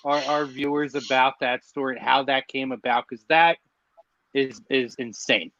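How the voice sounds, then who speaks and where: A man's voice: mid-range voice, steady tone, bright, forceful tone, no echo, dull audio. A man hosting a podcast who interviews a guest with eager enthusiasm. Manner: enthusiastic, quick to praise. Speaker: podcast host. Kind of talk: casual interview.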